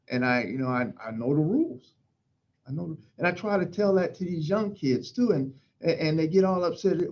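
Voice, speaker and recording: A middle-aged man from Pennsylvania, a fire chief, telling stories in an interview in an emphatic, animated way. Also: fairly high pitch, normal speed, muffled recording. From Pennsylvania, USA. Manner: emphatic, animated storytelling with acted-out quotes. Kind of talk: storytelling in an interview.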